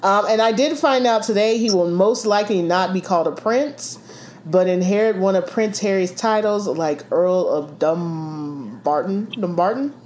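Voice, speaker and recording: A woman's voice: mid-range voice, moderate pace, a little mellow, slight background noise. A woman co-hosting a casual chat, playful and giggly, stretching out her words.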